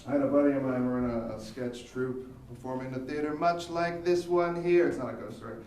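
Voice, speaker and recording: A young man performing an animated stand-up comedy set on a theater stage, jumping into high squeaky voices for the people he quotes. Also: fairly quick, slight background noise. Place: theater stage, live audience. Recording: echoey theater from far off.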